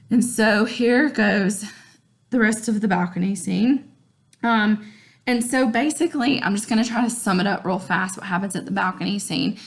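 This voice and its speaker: A woman, a teacher casually summarizing a lesson in a chatty, slangy, animated way. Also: medium pitch, moderate pace.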